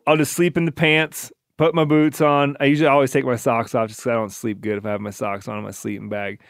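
A man's voice: medium pitch, little pitch movement, fast talker, vocal fry, no room sound. A man chatting as a podcast guest and telling his story in a dry, matter-of-fact way. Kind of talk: casual chat.

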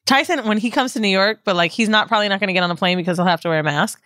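A woman's voice: medium pitch, very fast, a bit bright, no echo, clean studio sound. A woman co-hosting a casual podcast, telling stories profanely and mimicking voices. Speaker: podcast co-host. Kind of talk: casual chat.

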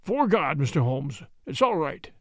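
A man voicing a huge, fierce middle-aged baronet who shouts in a loud, truculent, bullying way, read from a storybook. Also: fairly high pitch, sing-song, a little slow, no room sound, clean studio sound. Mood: grudging.

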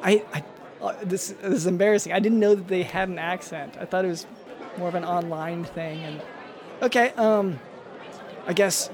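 A man's voice: high-pitched, normal speed, a faint crowd. A man performing an improvised comedy scene, hesitant and stammering with lots of awkward fillers.

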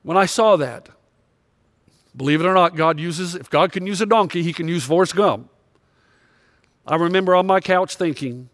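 A male pastor preaching a sermon, telling a personal story in a confessional way, swinging between loud emphasis and quiet moments. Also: high voice, normal speed, pauses often, dry recording, studio quality.

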